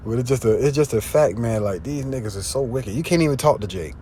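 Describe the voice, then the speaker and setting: A man preaching informally, slangy and profane, often asking if you see what he's saying, and reading scripture louder. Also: animated, fast, a little hiss or hum. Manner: louder and higher when reading scripture aloud. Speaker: street preacher. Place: in a car. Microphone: phone.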